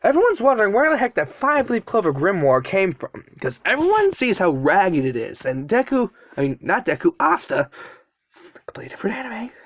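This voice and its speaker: A man's voice: sits high, no room sound. A man casually telling a fan-made story, rambling and often correcting himself. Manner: rambling, frequent self-corrections.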